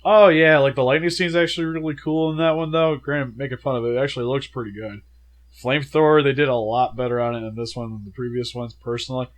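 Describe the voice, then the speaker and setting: A young man co-hosting a casual movie review, chatty and animated with lots of filler words, feeling sick. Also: mid-range voice, fast. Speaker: co-host of a movie review show.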